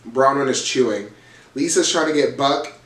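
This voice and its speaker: A man's voice: medium pitch, normal speed, fairly bright tone, far from the mic. Gossipy man recapping reality TV. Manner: gossipy, profane, dramatic retelling. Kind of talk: casual recap vlog. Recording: roomy, from off the mic.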